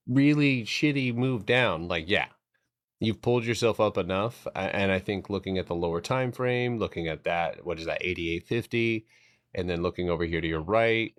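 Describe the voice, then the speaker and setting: A man's voice: on the low side, normal speed, dry recording, clean studio sound. A man casually chatting through chart setups on a live stream, joking around and swearing freely as he thinks aloud. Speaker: stock trading streamer.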